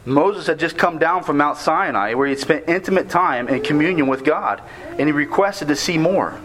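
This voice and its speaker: A man preaching a sermon on a scripture passage, earnest and measured, slowing down to stress key words. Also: on the high side, fairly bright tone, poor audio.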